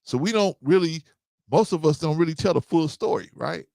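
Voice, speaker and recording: Gravelly, animated male host. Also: a little high, normal speed, dry recording, studio quality. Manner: animated, acts out both sides of conversations. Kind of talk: casual storytelling and live chat commentary.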